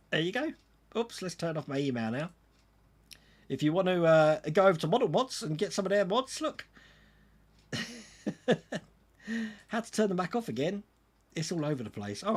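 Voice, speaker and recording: A man hosting a casual livestream, reading out viewer comments and answering them in a chatty way. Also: a little high. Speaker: livestream host answering chat.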